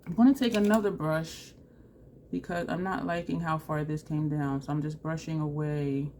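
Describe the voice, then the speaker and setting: A woman talks through her makeup in a loose, self-deprecating ramble, laughing at herself as she goes. Her voice sits on the low side, and her nose is running. A faint room hiss sits under the recording. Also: fairly even intonation, normal speed, mellow. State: runny nose. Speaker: makeup vlogger. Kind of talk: casual makeup tutorial chat.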